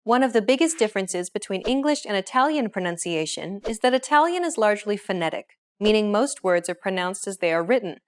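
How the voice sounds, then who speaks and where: Hosting a language lesson, this woman narrates from a script in a calm tone. Her pitch sits in a normal middle range, and she moves through each explanation clearly and without hurrying.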